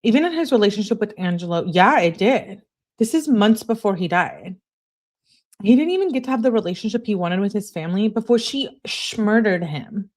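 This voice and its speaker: An adult woman streams true-crime commentary in a mid-range, expressive voice that's a little fast and slightly mellow. Blunt and chatty, she talks casually to her chat and reads their messages aloud.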